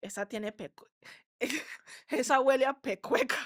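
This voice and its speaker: A woman from Colombia hosting a casual podcast chat, animated and laughing, getting loud when worked up. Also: sits high, moderate pace, no room sound, clean studio sound. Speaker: podcast host.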